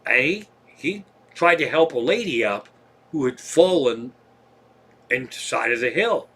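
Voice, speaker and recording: A man's voice: medium pitch, lively intonation, a little slow, bright, forceful tone, husky. A man, a comedian, telling rambling, profane travel stories on a livestream from home. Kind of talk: casual stand-up storytelling.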